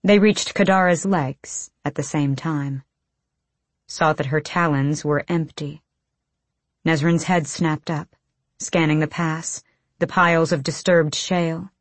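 Woman narrating an audiobook, low and dry. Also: steady tone, takes it slowly, dry recording.

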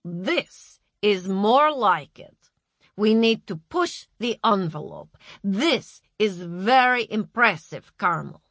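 A woman voicing a stern, bossy woman who lectures slowly and loudly. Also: medium pitch, animated, no echo, heavily acted. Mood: approving. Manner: slow, loud, lecturing. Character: stern bossy woman running a corporate-style session.

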